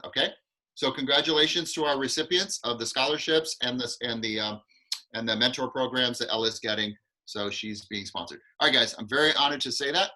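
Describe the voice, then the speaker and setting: A man's voice: mid-range voice, bright, forceful tone, low-quality recording. Upbeat man hosting an acting class. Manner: enthusiastic, encouraging. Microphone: video call.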